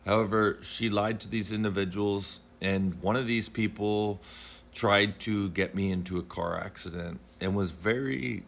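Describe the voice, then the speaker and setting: Deep-voiced man telling a paranormal story. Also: steady tone, measured pace, creaky. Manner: rambling, conversational, with many fillers and reenacted quotes.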